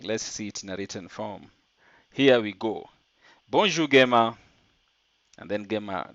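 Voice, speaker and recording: A man's voice: lowish voice, dry recording, lo-fi sound. A man teaching an online French lesson, explaining step by step and translating French phrases into English.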